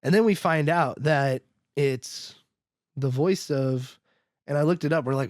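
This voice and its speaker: A man's voice: on the high side, unhurried, a little mellow, no echo, clean studio sound. A man hosting a podcast, recapping a film in rambling casual chat packed with "like" and acted-out quotes. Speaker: podcast host.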